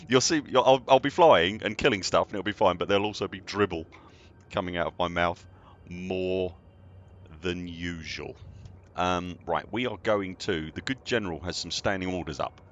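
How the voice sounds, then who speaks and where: Deep-voiced man streaming a game. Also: normal speed, muffled recording, a little hiss or hum. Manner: chatty, self-deprecating, greets viewers by name. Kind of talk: casual live-stream chat.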